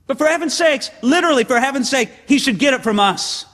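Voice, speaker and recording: A man preaching a sermon in an animated way, full of rhetorical questions and rising exclamations. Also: very high-pitched, fast talker. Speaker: pastor. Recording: long hall reverb.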